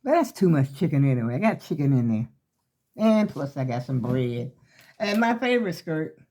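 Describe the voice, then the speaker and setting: An older woman talks in a loose, rambling way, calling her viewers y'all. Her voice is mellow and a little short of breath. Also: low-pitched, very animated, moderate pace. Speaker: vlogger showing her clothes. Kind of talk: casual chat to viewers.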